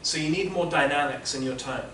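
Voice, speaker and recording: A man's voice: on the high side, a little fast, fairly bright tone, a little hiss or hum. A man teaching interpreting, giving patient, explanatory feedback to students in a classroom. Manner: patient, explanatory, many restarts. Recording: echoey classroom from far off.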